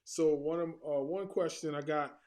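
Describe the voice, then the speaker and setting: A man asking interview questions in a hesitant way, pausing to find his words. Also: fairly high pitch, steady tone, a little mellow.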